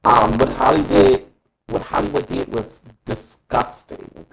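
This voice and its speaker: A man's voice: mid-range voice, measured pace, gravelly, low-quality recording. A man co-hosting a casual talk show, giving a dramatic, emphatic, profane opinion and calling co-hosts by name. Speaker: co-host.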